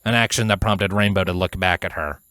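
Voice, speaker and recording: A man with a very low voice narrates a fan fiction audiobook. His delivery is measured and even, like a steady storyteller. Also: smooth, no room sound, studio quality.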